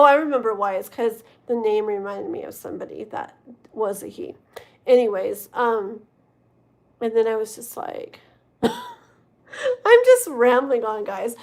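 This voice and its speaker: Giggly, rambling tarot streamer woman. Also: a little high. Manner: rambling, giggly, talks to chat. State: tired, yawning. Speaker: livestream tarot reader. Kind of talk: casual livestream chat.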